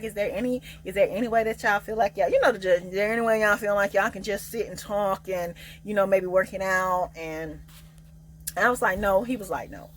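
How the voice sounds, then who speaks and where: A young woman telling a casual storytime, loud and sassy, acting out each quote. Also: a little hiss or hum, rough recording. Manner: animated, acts out quotes with big pitch jumps; loud, sassy, Southern Black vernacular. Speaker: storyteller vlogger.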